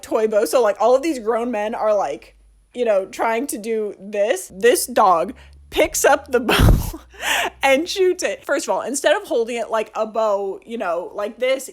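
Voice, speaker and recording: A young woman giving a comedic review, sarcastic and profane, acting out characters as she recaps them. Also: a little high. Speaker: video essayist.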